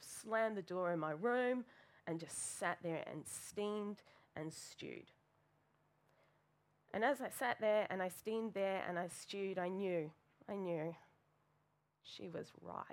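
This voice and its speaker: A woman preaching a sermon in church, telling a candid, self-deprecating personal story with plenty of fillers. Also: mid-range voice.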